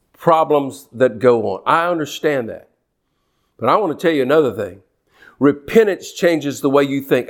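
A man preaching a fiery sermon, his voice pitched high for a man. He swings between scripture reading and mocking impressions of anxious, complaining people. His delivery is animated and punchy. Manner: animated, mocks worriers in whiny put-on voices.

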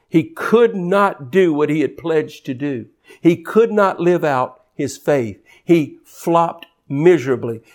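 In this sermon, a man preaches with passion, repeating words as his argument builds. His voice ranges from quiet and low to high and rising with emphasis.

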